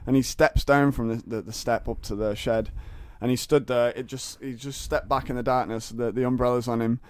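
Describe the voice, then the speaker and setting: Man in his twenties, comedy podcast guest, storytelling with lots of false starts, smooth close voice, dry room. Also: mid-range voice, fairly even intonation, brisk, few pauses, a little mellow, no echo. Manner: rambling, stammering restarts, laughs often. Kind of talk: casual storytelling chat.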